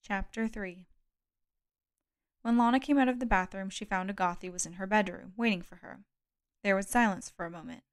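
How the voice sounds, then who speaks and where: A woman narrating a novel as an audiobook in a steady, measured reading. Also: medium pitch. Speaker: audiobook reader.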